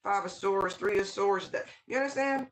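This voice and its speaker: Lively exclamations, repeated words, and constant "right?" checks fill this casual channeled tarot reading addressed straight to the viewer. Pitch and pace are both moderate, and the poor audio carries slight background noise.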